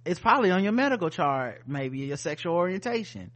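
A male podcast co-host reads out news items and riffs on them in loose, casual chat. His voice sits high and swings widely in pitch, full of animation. The tone is bright and forward. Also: sing-song, brisk.

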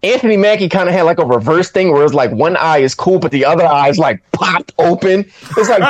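Animated man in casual film chat. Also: a little fast, hardly any pauses. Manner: animated, swoops up high when quoting himself, slangy. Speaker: podcast co-host reviewing a film.

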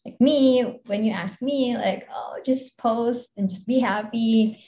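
A woman's voice: on the high side, takes it slowly, mellow, a little hiss or hum. A young woman with a Filipino accent, a content creator chatting casually as an interview guest, rambling with lots of fillers and giggles.

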